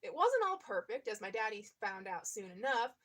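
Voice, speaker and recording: A woman reading a memoir aloud in a steady voice, now and then stopping to comment on it and laugh. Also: medium pitch, normal speed. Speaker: reader.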